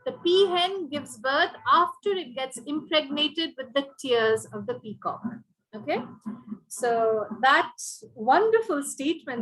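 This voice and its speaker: A woman's voice: high-pitched, bright, forceful tone, poor audio. A woman poet giving chatty introductions and reading her poems aloud at a poetry launch. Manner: chatty, hesitant asides before reading.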